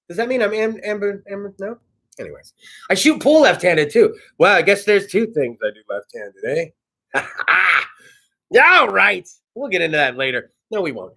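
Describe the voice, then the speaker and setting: A man's voice: high voice, pushed and bright. A man in his thirties from California hosting a casual talk show, rambling and profane. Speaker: host. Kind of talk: casual monologue. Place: studio.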